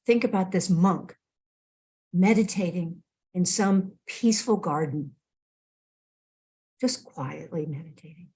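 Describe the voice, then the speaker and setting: A woman minister giving a sermon, telling a teaching story in a slow, expressive way. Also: on the low side, breathy edge.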